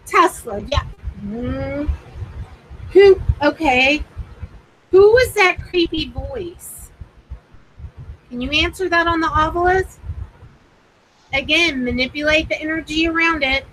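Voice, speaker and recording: High-voiced, slow-talking woman livestreamer. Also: rough recording. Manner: excitable, laughing, repeats herself. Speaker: paranormal livestream host. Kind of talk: live paranormal session chat.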